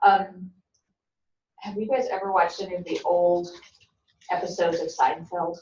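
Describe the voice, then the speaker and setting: A woman giving a relaxed classroom lecture, chatting and joking with her students. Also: lowish voice, a little slow. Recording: dull, roomy, from a distant mic.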